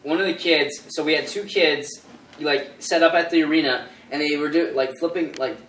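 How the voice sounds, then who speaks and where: Young man, podcast co-host, rambling with restarts, slightly high voice, echoey room, mic far off. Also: moderate pace, a bit bright. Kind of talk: casual chat.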